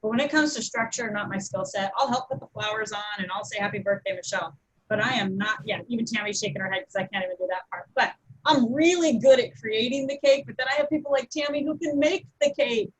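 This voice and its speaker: Breathy, enthusiastic woman host. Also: on the high side, fast talker, low-quality recording. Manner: enthusiastic, animated, lots of emphasis. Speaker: host of a community webinar. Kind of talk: casual panel discussion.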